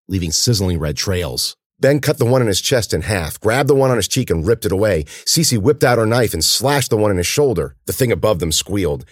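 Deep-voiced man reading a dramatic story. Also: no echo, studio quality. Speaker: narrator. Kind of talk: audiobook reading of a horror story.

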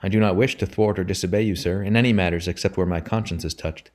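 A man's voice: sits low, fairly even intonation, fast, darkish tone, natural voice. A man reading as an earnest young son pleading. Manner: formal, respectful, pleading. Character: earnest dutiful young son, humble but steadfast.

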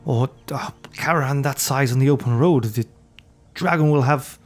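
A man running a tabletop game as game master, voicing a merchant in a relaxed, chatty way. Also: mid-range voice, moderate pace, faint music behind.

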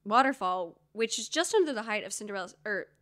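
A woman's voice: mid-range voice, lively intonation, quick pace, a bit bright. A woman co-hosting a podcast in casual chat, telling stories with lots of fillers and asides. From Georgia, US. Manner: chatty storyteller, many fillers and asides. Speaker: podcast co-host.

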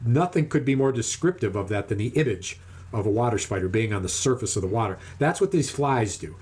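A man casually telling a long, animated fishing story, acting out the other people's lines in raised voices. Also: on the low side, brisk, slightly rough.

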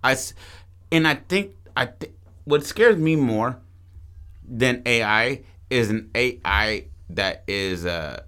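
A man co-hosting a podcast, casually pitching a movie plot in profane, animated storytelling full of restarts. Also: takes it slowly, clear, resonant tone. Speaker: podcast co-host.

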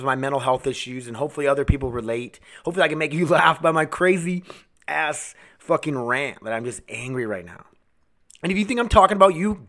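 A man hosting a solo podcast, ranting angrily with constant swearing, swinging between shouted outbursts and low mutters. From United States. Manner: angry, swearing constantly, heated. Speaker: podcast host.

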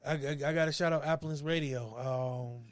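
A man's voice: a little high, fairly even intonation, moderate pace, no echo. A man hosting a podcast in casual chat, playful and full of ums. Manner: playful, stalls with frequent ums.

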